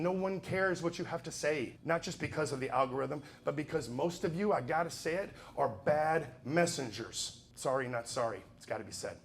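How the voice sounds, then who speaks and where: A man giving a motivational speech in an emphatic, preachy way, dropping to quiet asides and then pushing to loud exhortation. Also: fairly high pitch, expressive, moderate pace, vocal fry, hardly any pauses, soft background music. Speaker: motivational speaker.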